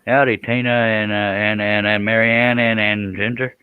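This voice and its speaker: A man's voice: on the low side, little pitch movement, moderate pace, clean tone, phone-quality sound. A middle-aged man hosting a live stream, chatting casually, joking about himself and greeting viewers by name.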